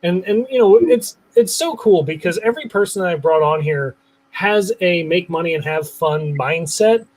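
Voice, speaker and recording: Enthusiastic male interview host, slightly high, husky voice, repeats words as he starts. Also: expressive, moderate pace, darkish tone, rough recording. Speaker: show host. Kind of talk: interview podcast talk.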